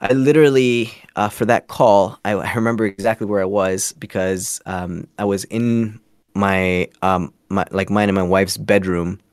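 A young man from Canada tells a story in a rambling way, restarting sentences and filling pauses. His voice sits a little low and the sound is dry and close, with no room around it. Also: steady tone, clean tone, dry recording. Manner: rambling, many restarts and fillers. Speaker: guest, scambaiter. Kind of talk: casual storytelling interview.

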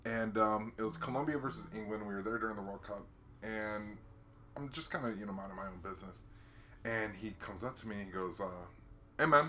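A man's voice: lowish voice, fairly quick. An American man in casual chat, telling travel stories and acting out quotes with bursts of laughter. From United States. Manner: animated storyteller who acts out quotes with sudden loud laughs.

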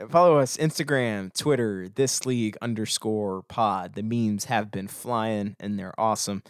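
A young man co-hosting a podcast in casual chat, ranting in a rambling, energetic way with stammered restarts. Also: lowish voice, a little slow, smooth, no echo, studio quality. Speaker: podcast co-host.

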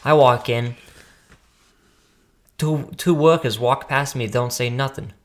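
A young man co-hosts a casual podcast, slowly telling rambling stories about work, laughing often and occasionally losing his words. His voice is mid-range with fairly even intonation.

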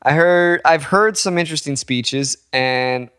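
A young man co-hosting a casual podcast, telling an animated story with laughs and casual swearing. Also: fairly high pitch, measured pace, clear, resonant tone. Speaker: podcast co-host.

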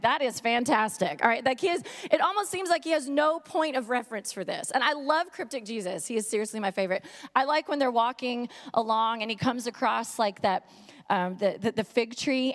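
A woman, giving a joking, conversational sermon as a guest speaker and urging the audience to talk back. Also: a little high. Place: church sanctuary. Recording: long reverb from a hall.

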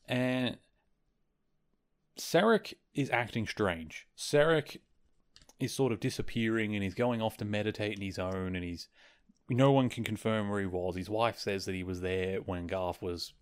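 A man with a somewhat low voice hosts a podcast solo. He recaps at an easy, rambling pace, leaning on fillers and chuckling at the funny bits. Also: darkish tone. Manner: rambling, filler-heavy, amused. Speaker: podcast host. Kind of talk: casual solo episode recap.

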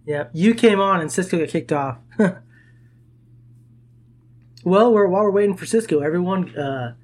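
A relaxed man hosting a casual podcast, moving easily between banter and quick sponsor plugs. His voice sits a bit higher than most men's, and he laughs along easily. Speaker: podcast host. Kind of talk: casual chat.

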